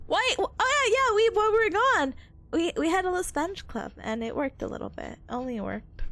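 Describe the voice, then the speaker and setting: A young woman talks to her live viewers in a very high, animated voice, full of bubbly giggles. She is sick but stays chatty and playful as she streams. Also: moderate pace. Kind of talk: casual live-stream chat.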